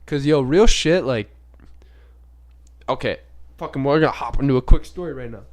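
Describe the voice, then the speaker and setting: A man's voice: medium pitch, normal speed. A young man hosting a podcast, talking casually in a rambling, profane way with many filler words. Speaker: podcast host. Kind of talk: casual unscripted monologue.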